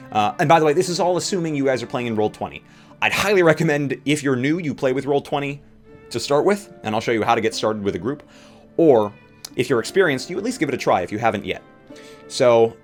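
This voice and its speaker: A young man who plays and runs tabletop games, giving casual, opinionated advice with rambling asides. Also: mid-range voice. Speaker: tabletop game player and dungeon master. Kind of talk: casual how-to advice talk. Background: faint guitar music.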